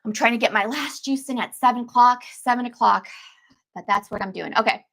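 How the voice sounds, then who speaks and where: A woman's voice: a little high, fairly quick, gravelly, fairly bright tone. A woman detox coach, talking casually to her viewers in an emphatic way, repeating phrases and calling them "baby" and "girl". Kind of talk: casual live-stream talk to viewers.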